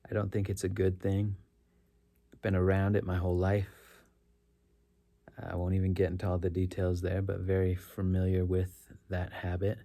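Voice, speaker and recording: A man's voice: deep voice, monotone, moderate pace, warm tone. A middle-aged man, a rideshare driver, telling a story casually and earnestly, rambling and correcting himself as he goes. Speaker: rideshare driver sharing stories.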